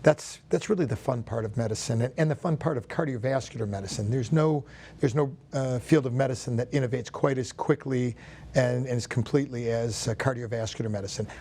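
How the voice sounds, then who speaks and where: A man who is a cardiologist, explaining heart disease in a studio interview in a measured way. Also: mid-range voice, darkish tone, slightly rough. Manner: measured explaining, some restarts. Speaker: cardiologist guest.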